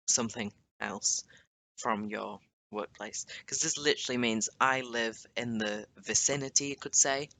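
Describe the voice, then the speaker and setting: A young man gives a casual screen-share language lesson in a medium-pitched, pushed and bright voice. He explains in a chatty way, full of asides and self-corrections.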